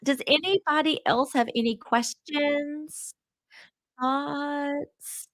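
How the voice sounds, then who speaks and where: A woman's voice: sits high, fairly even intonation, slow pace, fairly bright tone, no echo, poor audio. A woman hosting a casual travel livestream, chatty and rambling with lots of fillers, a bit stuffy from a cold. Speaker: travel channel host.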